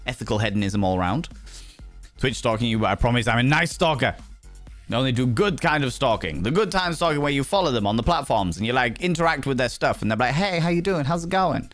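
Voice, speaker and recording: A man's voice: medium pitch, a bit bright, no echo. Playful man streaming. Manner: playful, theatrical, laughs often. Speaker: game streamer. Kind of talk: casual live-stream chat.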